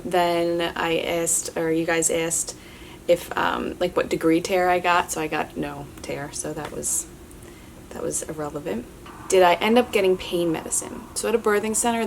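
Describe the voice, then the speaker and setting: A woman's voice: sits low, a little hiss or hum. A young woman vlogger chatting candidly as she answers viewer questions, with lots of filler words and restarts. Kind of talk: casual chat.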